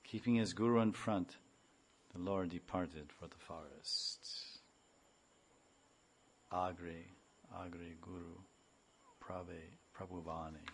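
Man, spiritual teacher, unhurried, chants and sings verses between slow explanations. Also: deep voice, fairly even intonation, slightly rough. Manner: sings verses, then explains them slowly. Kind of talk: devotional scripture lecture with chanting.

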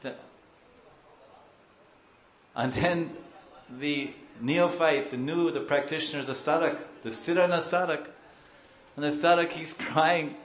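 A man giving a slow, emotive devotional sermon, acting out crying devotees. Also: a little high, steady tone, roomy sound, slight background noise. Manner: slow, emotive, acts out crying devotees and mixes in Hindi and Sanskrit terms. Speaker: spiritual teacher.

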